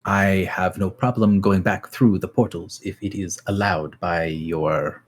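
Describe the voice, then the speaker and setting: A man voicing a formal, courteous male runner soldier with hooves, speaking slowly and stiffly. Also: deep voice, steady tone. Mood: earnest. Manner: slow, stiff, courteous speech.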